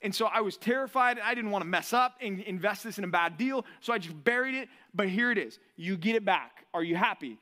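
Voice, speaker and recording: A man's voice: high voice, animated, brisk, hardly any pauses, sharp tone. A man voicing a nervous male servant who stammers and rambles through defensive excuses.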